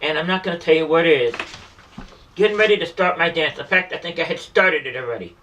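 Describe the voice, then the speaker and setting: Man, high pitch, earnest storyteller, repetitive, stumbling restarts, distant mic. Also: fast, pushed and bright, a little hiss or hum. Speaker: street performer and vlogger. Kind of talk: emotional personal storytelling.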